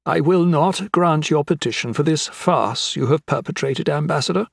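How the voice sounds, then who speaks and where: A man doing a haughty queen who commands rather than asks, her voice pitched up and sharp with reproach. The lines are read dry and close, with no room around them, in a storybook reading. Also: moderate pace, creaky, husky, no echo. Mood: stern. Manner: stern, haughty. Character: imperious commanding queen, woman.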